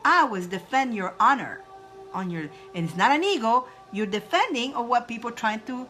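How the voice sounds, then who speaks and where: A woman's voice: fairly high pitch, expressive, a little fast, sharp tone, faint music behind. A woman from Egypt hosting a casual spiritual advice talk, playful and laughing often as she leads viewers in roaring breath exercises.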